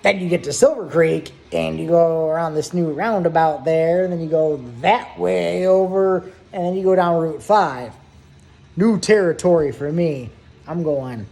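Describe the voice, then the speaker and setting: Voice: mid-range voice, a little slow, vocal fry, a little mellow. A vlogger in their thirties telling a long personal story in a casual, profane, rambling way, with hummed asides.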